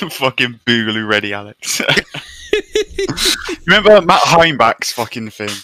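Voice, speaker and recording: Bright-voiced man joking crudely. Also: mid-range voice, wildly swooping pitch, takes it slowly. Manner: sweary, joking. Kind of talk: casual chat among friends.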